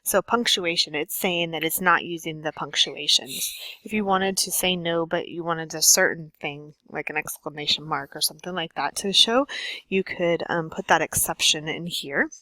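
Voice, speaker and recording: A woman's voice: deep voice, normal speed, bright, forceful tone, no room sound, poor audio. A woman teacher walking students through a computer task step by step, patient and instructive with frequent ums. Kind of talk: screen-share tutorial lesson.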